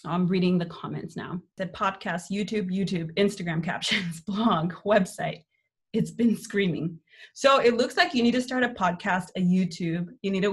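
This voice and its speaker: A young adult woman hosting a live online motivational workshop, upbeat and candid, swearing casually as she coaches. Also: medium pitch. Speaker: workshop host and life coach.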